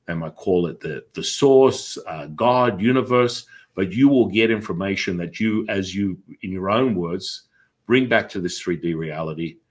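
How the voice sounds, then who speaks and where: A man, a Taoist master, telling stories in an interview in a lively way, acting out remembered dialogue. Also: deep voice, moderate pace, breathy edge. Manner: animated, acts out remembered dialogue. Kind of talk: personal storytelling in an interview.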